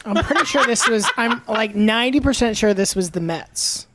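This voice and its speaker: A woman's voice: on the high side, lively intonation, moderate pace, background noise. A woman on a podcast in casual chat, hedging and self-deprecating. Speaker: podcast producer.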